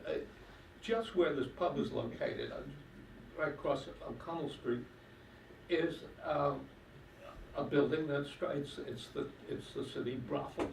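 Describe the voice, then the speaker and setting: A man's voice: a little high, very animated, measured pace, gravelly. A man telling jokes on stage at a talent show in a hall, rambling with fillers and putting on voices for the characters. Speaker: stand-up comedian. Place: senior center hall. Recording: echoey hall from far off, faint noise.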